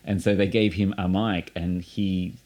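A man hosting a casual chat, telling anecdotes with lively acted-out quotes. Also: sits low, measured pace. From Australia. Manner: animated storyteller, acts out quotes. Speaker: podcast host.

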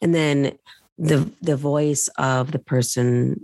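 A woman hosting an interview, asking questions in a gentle, thoughtful way. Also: low-pitched, steady tone, takes it slowly, vocal fry, dry recording. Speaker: podcast host.

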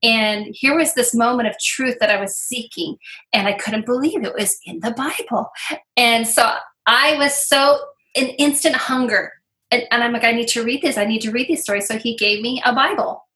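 Middle-aged woman giving an interview testimony, earnest and bright, kind of high voice. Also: moderate pace. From Iowa. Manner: earnest, heartfelt storytelling with many fillers. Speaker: interview guest. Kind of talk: personal testimony.

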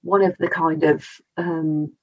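Chatty woman with a husky lowish voice. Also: steady tone, slow, no room sound, dull audio. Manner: chatty, laughs often, digresses. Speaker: mental health first aid trainer. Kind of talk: casual podcast chat. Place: studio.

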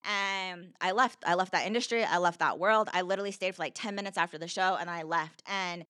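A woman's voice: fairly low pitch, steady tone, fairly quick, sharp tone, smooth, no echo, clean studio sound. A woman telling her personal story as a podcast guest, earnest and heartfelt, with lots of "like" fillers. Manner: earnest, heartfelt, heavy use of "like".

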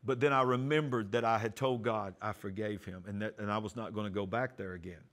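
A man pastor giving a testimony sermon, storytelling and acting out the dialogue, going soft and quiet for prayers. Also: lowish voice, fairly even intonation, brisk. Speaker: pastor and TV host.

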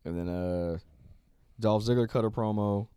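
A man co-hosting a podcast, casually recapping wrestling shows and acting out the wrestlers' lines in quick voices, swearing now and then. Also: fairly low pitch, dark tone, smooth, dry recording, studio quality. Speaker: podcast co-host.

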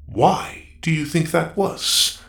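A man voicing a wise, calm male mentor in a storybook, measured and gently persuasive. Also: fairly high pitch, gravelly, reverberant, voice pushed up, exaggerated voice. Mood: reflective.

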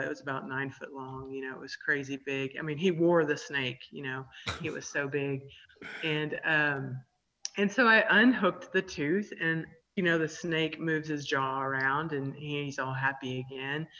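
Speaking at a normal pace in a low, slightly bright voice, a veterinarian guest chats and laughs through stories on a radio interview, full of ums and uhs. The radio sound is dull lo-fi.

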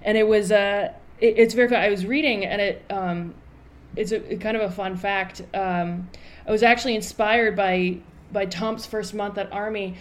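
A woman's voice: medium pitch, fairly even intonation, normal speed. Casting: woman, podcast co-host, chatty trivia sharer, casual delivery. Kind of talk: casual movie review chat.

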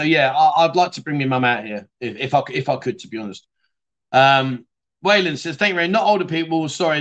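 Chatty man, slightly high voice. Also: a bit bright. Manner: chatty, laughing, teasing, many restarts. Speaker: livestream host. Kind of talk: casual livestream chat reading viewer comments. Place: bar city in Thailand.

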